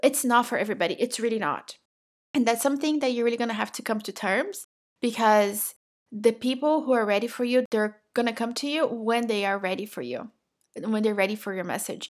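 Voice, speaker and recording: A middle-aged Brazilian woman hosts her podcast in casual solo talk, her voice fairly high and brisk with a Brazilian Portuguese accent. She speaks directly and encouragingly, addressing the listener straight on.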